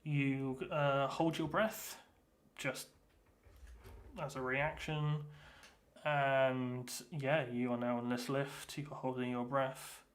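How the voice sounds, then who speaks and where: A man's voice: medium pitch, flat delivery, slow pace. Man running a tabletop game. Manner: hesitant, many fillers and restarts. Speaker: game master.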